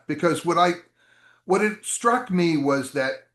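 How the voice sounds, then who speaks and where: A man telling long stories as an interview guest, chatty and animated, with many asides. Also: high voice, slow, pauses often. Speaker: interview guest, game designer. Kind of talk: storytelling interview answers. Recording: roomy echo.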